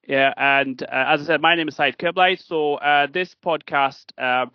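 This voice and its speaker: A man's voice: fairly high pitch, fairly even intonation, moderate pace, clear, resonant tone, no room sound. A man hosting a casual podcast chat, speaking hesitantly with many fillers and restarts. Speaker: podcast host. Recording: dull lo-fi dry sound.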